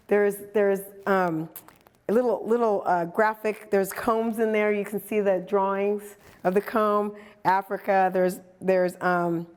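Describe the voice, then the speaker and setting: A middle-aged woman giving a casual talk about her artwork, animated and acting out quoted dialogue as she tells stories. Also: medium pitch. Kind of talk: casual presentation.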